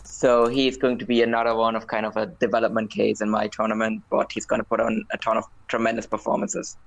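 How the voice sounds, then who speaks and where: Steady man explaining picks on a podcast. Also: fairly low pitch, quick pace, gravelly, low-quality recording. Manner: steady, explaining his reasoning. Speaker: podcast panelist. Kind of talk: casual podcast chat.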